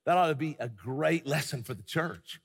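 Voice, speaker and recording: A man's voice: fairly high pitch, expressive, moderate pace, gravelly, slightly rough, long reverb tail. A middle-aged man preaching a sermon as pastor, chatty and full of fillers and restarts.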